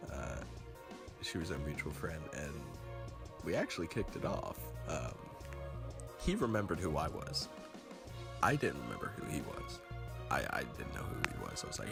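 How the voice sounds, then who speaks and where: A man telling a casual story about a friend, relaxed and laughing often. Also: rumbling low, moderate pace, gravelly, long pauses, music in the background. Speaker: community member giving a tribute.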